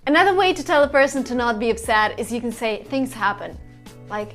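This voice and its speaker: A woman teaching everyday phrases in a casual lesson, acting out the examples with lively expression. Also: a little high, fast talker, faint music behind. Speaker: English teacher.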